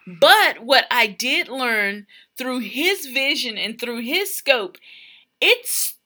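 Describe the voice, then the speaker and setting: Bright, expressive married woman. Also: fairly high pitch, slow pace. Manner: warm, laughing, expressive storyteller. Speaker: podcast co-host. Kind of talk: casual chat about marriage.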